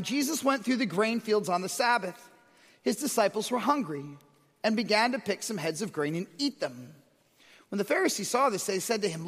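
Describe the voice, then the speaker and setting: A man with a notably high voice delivers a sermon to his congregation. His words ring out with the long reverb of a large church hall, and his tone is earnest as he reads scripture aloud. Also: fairly bright tone. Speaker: preacher. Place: church auditorium.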